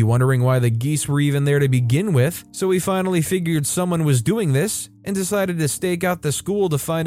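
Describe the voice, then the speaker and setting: A man narrating online stories in a casual, lively reading style. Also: on the high side. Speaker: story narrator.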